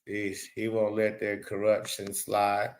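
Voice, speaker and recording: A man's voice: fairly low pitch, completely flat delivery, takes it slowly. A man hosting a live stream, rambling, profane and blunt as he talks back to his chat. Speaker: livestream host.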